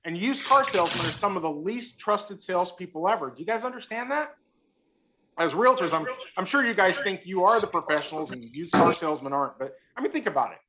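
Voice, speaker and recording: A high-pitched man talks a little fast with lively intonation and a sharp tone, over slight background noise. He is a guest speaker on a video call, joking, teasing his audience, and telling a story with punchlines.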